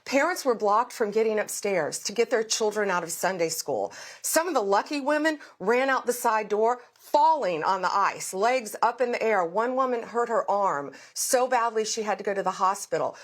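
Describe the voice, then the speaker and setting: A woman's voice: mid-range voice, lively intonation, normal speed, hardly any pauses. A middle-aged woman answering questions in a political news interview, telling events in vivid detail and making firm, repeated vows. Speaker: interview guest, government official.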